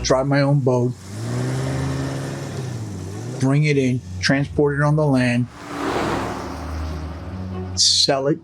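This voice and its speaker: An older man, a former smuggler, recounting his past in an interview, acting out quotes and laughing as he talks. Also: mid-range voice. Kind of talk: storytelling interview.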